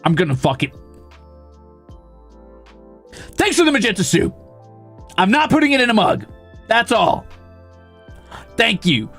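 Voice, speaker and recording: A young man streaming casually, reading viewer comments aloud and ranting with lots of swearing, flipping between outrage and mock calm. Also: high-pitched, measured pace, gravelly, pauses often, breathy edge, faint music behind. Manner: profane, excitable ranting that swings to mock calm.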